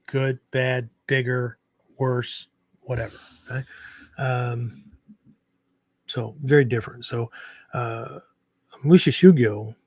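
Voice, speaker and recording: Male podcast host, mid-pitched, loose unscripted delivery full of fillers and "right?", dry close sound. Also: steady tone, slow pace, pauses often, a little mellow, no room sound. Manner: rambling, many fillers and restarts, frequent "right?". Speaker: podcast host and martial arts teacher. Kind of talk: casual unscripted talk.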